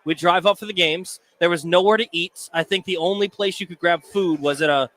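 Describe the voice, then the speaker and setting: A man's voice: high voice, fairly quick, a bit bright. A man co-hosting a live sports talk show from a sports bar, telling stories in a playful, teasing way. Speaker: sports radio co-host. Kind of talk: casual sports talk banter.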